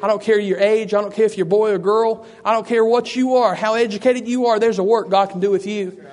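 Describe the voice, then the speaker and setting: A man's voice: high voice, fairly even intonation, fairly quick, a little mellow. A man preaching a sermon, fervent and repetitive, calling out to listeners by name. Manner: addresses listeners by name, frequent "I tell you".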